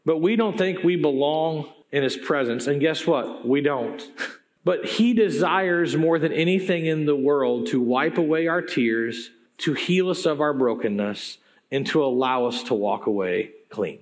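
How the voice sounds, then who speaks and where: A man preaching a sermon, telling stories in an animated, conversational way that swings between loud and hushed. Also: on the high side, a little slow. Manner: conversational, with asides to the audience.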